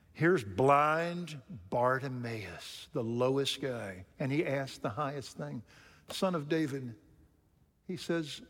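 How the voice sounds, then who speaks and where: Slow preacher in a reverberant hall. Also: male voice, medium pitch, a bit bright. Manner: emphatic, asks the congregation rhetorical questions. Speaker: pastor. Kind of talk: sermon. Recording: long reverb of a large hall.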